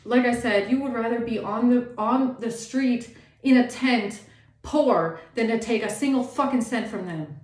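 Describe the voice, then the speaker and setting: A woman's voice: fairly high pitch, unhurried, darkish tone, echoey room. A woman tarot reader giving a blunt, indignant reading and swearing freely.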